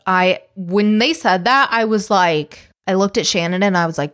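A woman's voice: lowish voice, measured pace, hardly any pauses, a bit bright. A woman co-hosting a podcast, reacting with shock and indignation in casual chat. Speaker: podcast co-host.

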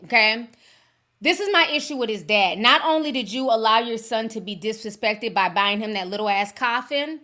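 A woman's voice: a little high, sharp tone. A woman hosting a celebrity news vlog, blunt and sassy, talking straight to her viewers. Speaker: host.

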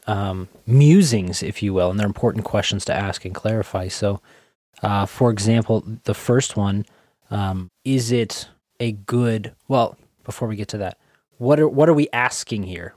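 A man's voice: fairly low pitch, normal speed, darkish tone, no room sound, clean studio sound. A man co-hosting a podcast, answering thoughtfully with frequent ums and quoting scripture. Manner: thoughtful, many fillers, quotes scripture. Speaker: podcast co-host. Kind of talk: conversational theological discussion.

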